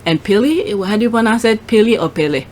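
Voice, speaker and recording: A woman's voice: on the high side, expressive, fast talker, noisy background. A woman hosting her channel, giving casual commentary on clips and posts. She reacts aloud as she scrolls. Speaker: channel host.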